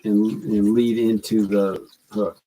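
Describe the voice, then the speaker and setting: A man's voice: lowish voice, flat delivery, slow pace, warm tone, rough recording. A man working through rhyming lyrics aloud, trying lines over and over and then reciting the verse. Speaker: rapper writing lyrics.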